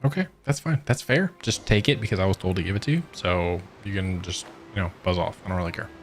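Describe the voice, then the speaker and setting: A man's voice: low voice, fast talker. A young man streaming a game playthrough, reading lines aloud and making sarcastic jokes. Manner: sarcastic, joking. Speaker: gaming streamer. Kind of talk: casual let's-play commentary. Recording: over game music.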